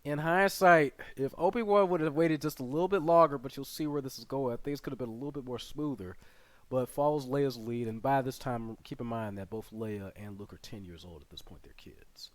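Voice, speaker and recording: A man's voice: mid-range voice, fairly quick, no room sound. A man hosting his channel, casually retelling a show's plot in a rambling way full of fillers and asides. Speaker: channel host reviewing a series. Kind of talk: casual spoken plot recap.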